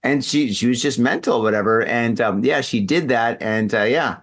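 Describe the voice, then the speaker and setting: A man's voice: medium pitch, moderate pace, a bit bright. A man hosting a podcast, drunk and telling a rambling, profane story in casual chat. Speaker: podcast host. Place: in Japan.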